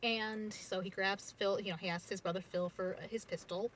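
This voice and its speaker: A woman telling a family story casually, full of fillers and animated asides. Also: mid-range voice, fast talker, few pauses, slight background noise, low-quality recording. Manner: chatty, many fillers, animated.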